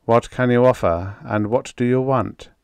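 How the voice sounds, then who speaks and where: A man voicing a clipped, deliberate Martian engineer. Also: medium pitch, gravelly, a little mellow, clear, resonant tone, dry recording, pitched above the performer's own voice. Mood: measured.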